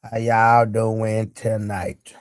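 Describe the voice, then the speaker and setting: A man's voice: on the low side, completely flat delivery, drawn-out words, no room sound, studio quality. A man hosting a casual live stream, joking loosely and greeting his viewers by name. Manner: loose, joking, talks straight to his chat. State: sore leg, eating during the stream. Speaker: livestream show host.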